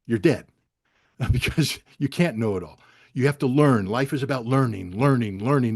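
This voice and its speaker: A man in a foul mood delivers a fiery, profane appeal over a video call, his voice climbing toward a shout when he presses a point. The sound is close and dry, with no room around it. His pitch sits in an ordinary middle range for a man. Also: no echo. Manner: angry, blunt and profane, rising to near-shouting. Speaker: guest speaker on a video call. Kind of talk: impassioned speech.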